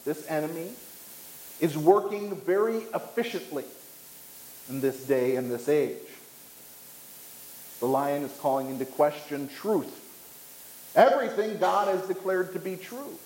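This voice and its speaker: A man's voice: animated, darkish tone. Man preaching in an echoey church. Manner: emphatic preaching with dramatic pauses and rising pitch. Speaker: pastor. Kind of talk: sermon.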